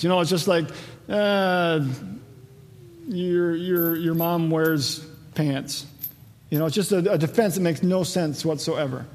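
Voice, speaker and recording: A man teaching a conversational Bible sermon, asking rhetorical questions and acting out the dialogue of the passage. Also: fairly high pitch. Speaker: pastor. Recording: long hall reverb.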